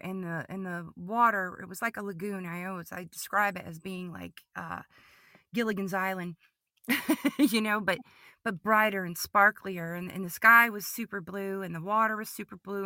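Bright-voiced woman telling an emotional story. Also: mid-range voice, no echo, studio quality. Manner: vivid, repetitive retelling, swings between hushed and excited. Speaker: guest giving a testimony.

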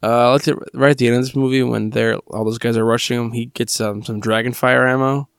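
Gravelly laid-back male podcast co-host. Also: mid-range voice, little pitch movement, brisk, no echo, clean studio sound. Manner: laid-back, chimes in, finishes the other's sentences. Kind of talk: casual chat.

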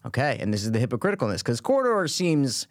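A man co-hosting a podcast in casual chat, ranting in an animated way, swearing and often tagging his points with "right?" and "I'm just saying". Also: mid-range voice, fast, no room sound, studio quality. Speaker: podcast co-host.

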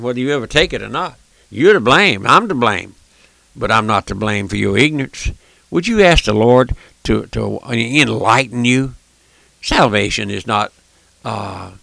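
An older man preaches a radio sermon in a gravelly voice. He is folksy and fervent, hammering his phrases again and again and swinging between loud and hushed delivery. The recording is dry and close. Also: mid-range voice, no room sound.

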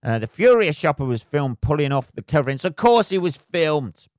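A man's voice: fairly high pitch, very animated, moderate pace, a little mellow, no room sound, clean studio sound. A man hosting a solo podcast, ranting sarcastically with lots of swearing and filler words. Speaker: podcast host. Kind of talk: casual solo podcast rant.

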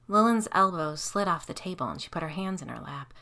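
A woman narrating a first-person supernatural story in a measured, even way. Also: on the low side. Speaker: audiobook narrator.

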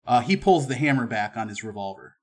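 A man narrating and running a western tabletop role-playing game as game master, relaxed and full of fillers. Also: mid-range voice, fairly quick.

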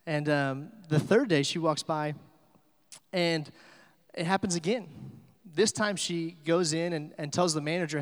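A man's voice: fairly high pitch, measured pace, long reverb tail. A man preaching a sermon in a church, telling stories in a loose conversational way with many fillers. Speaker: pastor.

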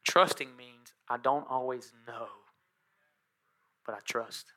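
Preaching slowly in a medium-pitched voice, a male pastor gives a lively church sermon. He talks straight to the congregation and gets them going with call and response.

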